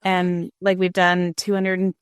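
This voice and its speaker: A woman's voice: on the low side, monotone, unhurried, clear, resonant tone, no echo, studio quality. A middle-aged woman, a former news anchor, talking frankly and reflectively as an interview guest, often restarting her sentences. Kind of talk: candid interview conversation.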